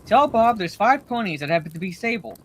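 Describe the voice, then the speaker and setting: A chatty, fat middle-aged innkeeper voiced by a woman reading aloud bustles through his words, forgetful and hurried. He never stops talking, even when run off his feet. His voice sits at an ordinary middle pitch, read aloud as part of a storybook. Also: slightly rough. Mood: flustered.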